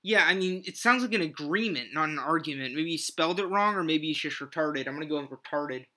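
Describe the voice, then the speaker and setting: A man's voice: a little high, animated, fast talker, heavy background noise. A man hosting a comedy podcast in a loose, rambling way, with lots of "uh" and "um.". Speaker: podcast host.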